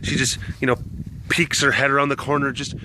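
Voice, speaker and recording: A man's voice: medium pitch, a little fast, noisy background. A young man casually telling a rambling story to the camera, acting out voices as he goes. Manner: rambling, animated, acts out voices. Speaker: vlogger with big cats.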